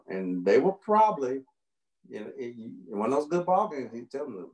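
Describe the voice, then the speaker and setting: A man's voice: medium pitch, sing-song, fast, a little mellow, echoey room. A man, a veteran lacrosse official, giving casual folksy advice and explaining through family comparisons. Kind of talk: casual instructional talk.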